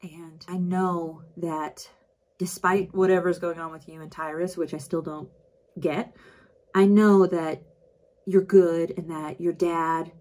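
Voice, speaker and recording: Woman doing a soft-spoken earnest young friend. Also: fairly low pitch, steady tone, slow pace.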